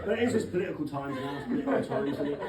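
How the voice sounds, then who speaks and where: A man with an English accent doing animated stand-up comedy in a comedy club, swearing freely. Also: a little high, very fast. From England. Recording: echoey distant club recording, noisy crowd.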